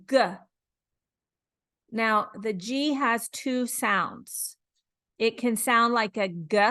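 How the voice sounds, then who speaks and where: Very slow, careful woman teacher. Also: fairly high pitch, a bit bright. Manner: slow, deliberate, demonstrating mouth positions and repeating sounds. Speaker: English teacher. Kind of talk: phonics lesson.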